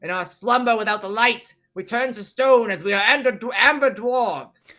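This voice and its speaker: A man voicing a gruff, buff older male dwarf who shouts in alarm and blusters. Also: high-pitched, normal speed, voice pushed up. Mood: explaining. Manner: bellowing, blustery.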